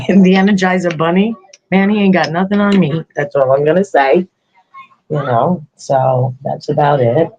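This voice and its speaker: An older woman hosts a podcast in a casual, rambling way, often breaking into laughter. Her voice sits a little low for a woman. She chats loosely with listeners as a grandmother would. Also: moderate pace, darkish tone, breathy edge, dull audio. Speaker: podcast host. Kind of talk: casual chat.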